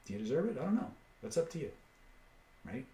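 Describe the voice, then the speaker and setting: A man hosting a live webinar, pitching course packages, reading out prices and answering chat questions with blunt asides. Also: very animated, fast, mellow, echoey room, slight background noise. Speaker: webinar host and seller.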